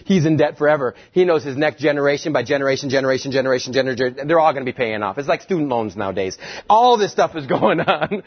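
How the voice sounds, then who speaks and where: A man preaching a sermon, telling a story with animated energy and acting out the quoted lines. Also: a little high, fast, few pauses, husky, lo-fi sound. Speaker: pastor.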